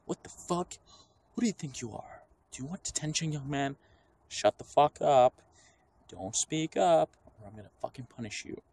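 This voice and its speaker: A man's voice: medium pitch, animated, moderate pace, creaky, a little hiss or hum, voice pushed up. A man putting on the voice of an angry male schoolteacher who swears and threatens a student. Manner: yelling, profane, threatening.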